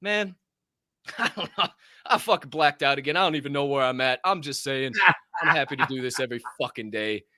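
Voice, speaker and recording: A man co-hosting a podcast, ranting with passion and lots of swearing, his voice swinging from loud bursts to low mutters. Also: a little fast. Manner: profane, heated, swings loud and soft. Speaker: podcast co-host. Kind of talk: fired-up motivational rant.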